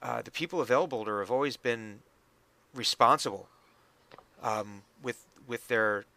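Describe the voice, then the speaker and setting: A man voicing a calm male elf elder, speaking in a measured, hesitant, quiet way. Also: medium pitch, pitched below the performer's own voice. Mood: earnest.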